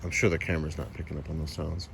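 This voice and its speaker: Deep-voiced guy walking his cat outside, mumbly chatty vlog, noisy outdoor recording. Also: little pitch movement, rapid-fire, vocal fry. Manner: soft-spoken, rambling, coos baby talk to his cat. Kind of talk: casual chat, talking to his cat and viewers. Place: outdoors in woods near a house. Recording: noticeable outdoor background noise.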